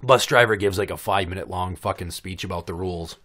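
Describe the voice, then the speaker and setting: Talking fast with a fairly bright tone, this man in his thirties hosts a podcast and spins stories. His banter is casual, profane and sarcastic, and he mimics children in a high-pitched voice.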